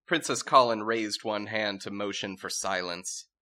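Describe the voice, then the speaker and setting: Male podcast narrator, bright tone, wry deadpan comic storytelling. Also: lowish voice. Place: podcast recording with friends.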